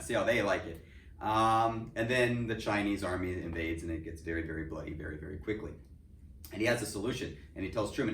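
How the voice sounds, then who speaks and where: A man's voice: lowish voice, a bit bright. A male history teacher giving a casual, joking lecture full of fillers. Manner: chatty, joking, filler-heavy delivery. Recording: echoey room, distant mic, faint hiss.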